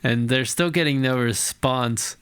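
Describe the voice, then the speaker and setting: A man co-hosting a podcast in casual chat, laughing often and chiming in with quick agreement as they recap an episode. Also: medium pitch, fairly bright tone, clear, resonant tone. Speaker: podcast co-host.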